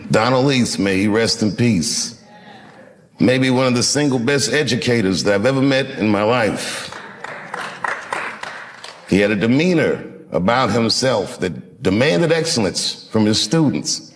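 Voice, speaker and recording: A man in his fifties from Washington, D.C., telling a reflective story to an audience in a measured, unhurried way with dramatic pauses. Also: medium pitch, animated. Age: 50s. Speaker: comedian.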